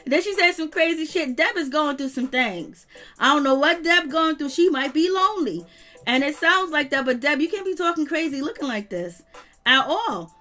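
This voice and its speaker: A woman hosting her channel, giving slangy, animated reality TV gossip commentary and laughing often. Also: high-pitched, moderate pace, faint music behind. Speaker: channel host.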